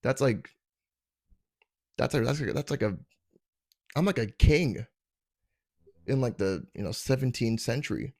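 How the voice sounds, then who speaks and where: A man's voice: medium pitch, animated, unhurried, gravelly, pauses often, darkish tone, no room sound, clean studio sound. A young adult man from Canada hosting a comedy podcast from his parents' basement, telling stories in a rambling, self-deprecating way and stumbling over his words. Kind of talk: casual comedic storytelling.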